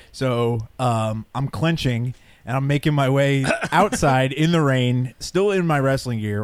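A man's voice: medium pitch, dry recording. A man co-hosting a casual podcast, telling a crude story with frequent laughs. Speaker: podcast co-host. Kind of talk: casual chat.

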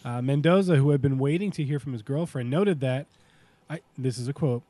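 A man's voice: mid-range voice, brisk, dark tone, no room sound. A man with a stuffy nose, hosting a casual comedy podcast and reading a news story aloud. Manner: reads news aloud, laughing often. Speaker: podcast host.

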